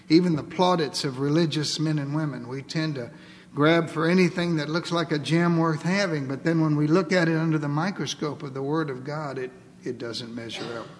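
A man preaching a sermon, dramatically acting out prayers and dialogue, swinging between loud pleas and near-whispers. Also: fairly high pitch, long reverb tail. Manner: dramatic, acts out dialogue with God.

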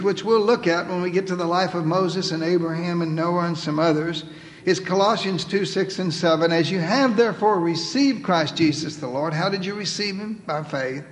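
A male pastor preaching a sermon, reading scripture with emphasis and dropping to a soft, pleading tone at times. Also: high-pitched. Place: church sanctuary. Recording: reverberant church hall.

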